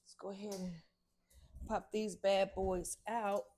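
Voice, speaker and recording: A woman's voice: medium pitch, flat delivery, measured pace, dark tone. An older woman, a grandmother, chatting casually through her morning chores at home. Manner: chatty, talks to herself while doing chores. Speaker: vlogger. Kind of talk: casual morning vlog narration. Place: home kitchen.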